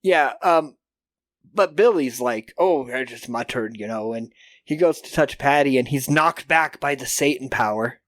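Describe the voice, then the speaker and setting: A man co-hosting a podcast, casually recapping a film and acting out the characters in quick put-on voices, with a lot of swearing. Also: medium pitch, a bit bright, no room sound, studio quality. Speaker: podcast co-host.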